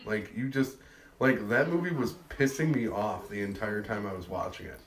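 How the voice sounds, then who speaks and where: A man's voice: fairly low pitch, moderate pace, echoey room. A man co-hosting a podcast, chatting casually in a blunt, opinionated way with mild swearing. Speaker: podcast co-host. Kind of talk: casual chat.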